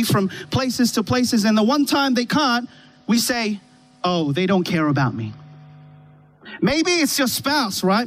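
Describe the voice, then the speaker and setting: A man's voice: extremely high pitch, fairly bright tone, rough recording. A man preaching a conversational sermon from a church stage, telling a personal story and asking the congregation rhetorical questions. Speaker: pastor. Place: church stage with a worship band. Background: faint keyboard pad music.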